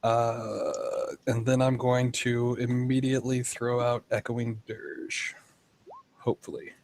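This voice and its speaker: A man's voice: mid-range voice, little pitch movement, takes it slowly, darkish tone, a little hiss or hum. A man playing a tabletop game, describing his character's moves while thinking aloud. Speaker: player.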